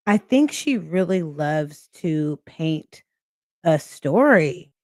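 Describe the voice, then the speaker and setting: With a low-pitched, expressive, slightly mellow voice, this reaction channel host speaks casually to livestream viewers. She's slow, critical, and exasperated, and the sound is clean studio audio with no echo.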